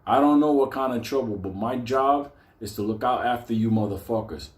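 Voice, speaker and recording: A man voicing a gruff, bossy tough guy. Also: medium pitch, brisk, reverberant, lightly acted. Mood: commanding. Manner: blunt and profane, giving orders.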